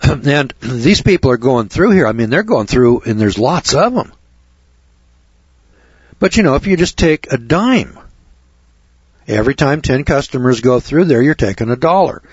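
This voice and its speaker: A husky-voiced man spins a rambling, indignant monologue on air. His voice comes through dry and close, on a dull lo-fi recording. He circles back, repeats himself and keeps talking at the listener. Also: medium pitch, big pitch swings, normal speed, long pauses, no room sound. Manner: indignant, repetitive, conversational.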